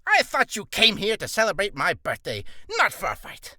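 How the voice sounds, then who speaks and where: A man voicing a vain, petulant tyrant king who talks in a booming, self-important and whiny way, recorded in a home booth on a studio mic. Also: huge pitch swings, normal speed, sharp tone, dry recording, full character voice. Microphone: studio mic with pop filter.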